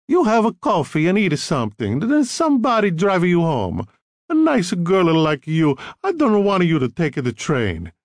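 A man's voice: sits high, wildly swooping pitch, normal speed, no room sound, clean studio sound, voice pushed up, heavily acted. A man voicing a stout, bossy older Italian mother with a heavy accent and broken English, emphatic and scolding, in an audiobook reading. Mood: firm. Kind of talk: audiobook narration.

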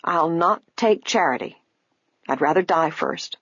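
A woman's voice: fairly low pitch, expressive, a little slow, fairly bright tone, breathy edge, no room sound, full character voice. A woman reading an audiobook, voicing a frail, proud, poor old woman who is hurt and speaks in a quavering voice. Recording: dull, lo-fi, dry.

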